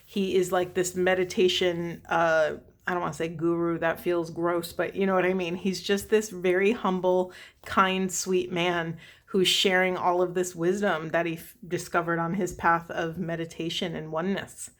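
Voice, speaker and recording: A woman's voice: lowish voice, level tone, moderate pace. Earnest woman giving a spiritual talk. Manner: earnest, rambling, with frequent "right?" asides. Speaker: spiritual coach. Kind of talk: casual spiritual talk to camera.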